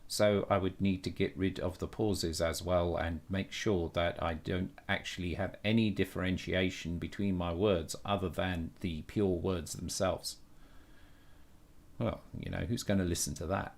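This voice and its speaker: A man's voice: sits low, fairly even intonation, unhurried, vocal fry. A man talking casually on a live stream, thinking aloud with many restarts and blunt opinions. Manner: thinks aloud, frequent restarts and self-corrections.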